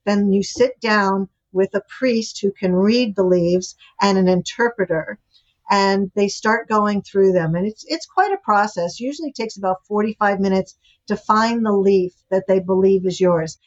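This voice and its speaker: A woman's voice: mid-range voice, unhurried. An older woman, a guest author and relationship expert, telling anecdotes animatedly in a podcast interview. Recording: dull lo-fi audio.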